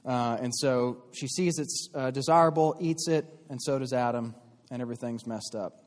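A man's voice: medium pitch, moderate pace. Man teaching in an echoing hall. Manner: explanatory, with frequent fillers and restarts. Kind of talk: church teaching talk. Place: church hall. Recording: long hall reverb.

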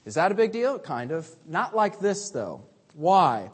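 A man preaching from the pulpit with a high, very lively voice that rises and drops sharply. He swings between urgent emphasis and hushed asides. His voice rings through the long echo of a large church sanctuary. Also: a little slow, slightly rough. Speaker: pastor. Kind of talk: sermon. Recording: long reverb of a large hall.

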